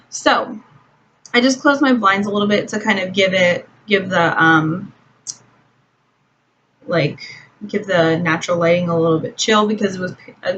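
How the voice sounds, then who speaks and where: A young woman chatting through a makeup tutorial at home, ranting with casual swearing and lots of fillers. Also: mid-range voice. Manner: irritated, profane ranting with many fillers. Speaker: makeup vlogger. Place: home room. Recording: distant, dull lo-fi home recording with faint hiss.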